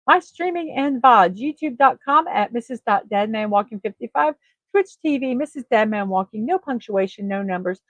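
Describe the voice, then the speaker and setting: A woman with a fairly high voice hosts her own morning livestream. She chats casually and amiably, using many ums and uhs, and the recording is dry.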